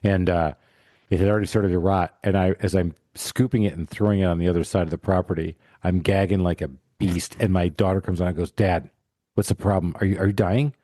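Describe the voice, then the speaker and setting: Middle-aged male podcast host, lower pitch, playful self-deprecating chat, dry room. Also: fast talker, no room sound. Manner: animated storyteller, self-mocking, acts out voices. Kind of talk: casual chat.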